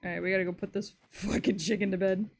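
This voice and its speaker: A woman's voice: medium pitch, steady tone, fast talker, creaky. A young woman streaming a farming game, chatting casually, swearing freely and singing to herself. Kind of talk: casual gameplay commentary.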